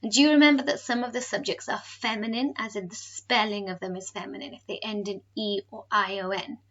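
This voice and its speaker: A woman teacher giving a recorded home lesson, slowly modelling words for pupils to repeat. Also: mid-range voice, steady tone, fairly bright tone, dull audio. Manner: slow, careful modelling of pronunciation. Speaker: French teacher.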